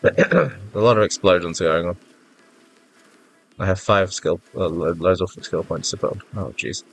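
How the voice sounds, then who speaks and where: This man's low, slightly rough voice moves at a measured pace and sounds congested, as if his nose is blocked. A gaming YouTuber, he gives rambling, self-deprecating gameplay commentary and is easily flustered. Faint game music plays in the background.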